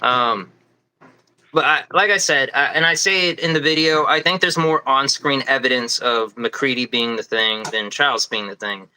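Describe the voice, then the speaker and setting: Bright-voiced man arguing a film theory. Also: medium pitch, clear, resonant tone, poor audio. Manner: quick, animated arguing with frequent restarts. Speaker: podcast co-host. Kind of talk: casual podcast discussion.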